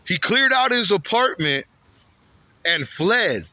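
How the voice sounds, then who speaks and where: In a high, sing-song voice that's bright and forceful, a Santa Ana, California man slowly tells a story on a walking vlog outdoors on a street, captured in lo-fi sound. He wanders, repeats, and grows heated, ending many lines with "man" or "bro."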